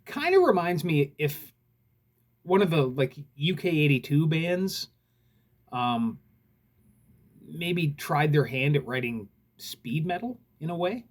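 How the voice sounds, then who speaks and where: A man's voice: a little high, animated, slow pace, long pauses. A man casually reviewing records in a laid-back, rambling way, with lots of fillers and the odd swear word.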